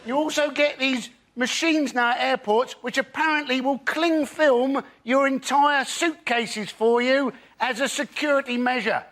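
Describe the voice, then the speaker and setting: A man's voice: extremely high pitch, fairly even intonation, a little slow, few pauses, a bit bright. A man doing an observational stand-up routine with wry delivery. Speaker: stand-up comedian.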